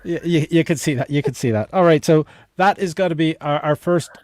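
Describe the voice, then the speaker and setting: A man hosting a casual livestream, rambling and halting, full of dad jokes. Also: a little high, darkish tone, no echo. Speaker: livestream host.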